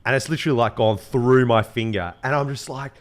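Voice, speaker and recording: A man's voice: medium pitch, brisk. A man hosting a podcast, telling a story in casual chat, swearing and mimicking voices. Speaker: podcast host.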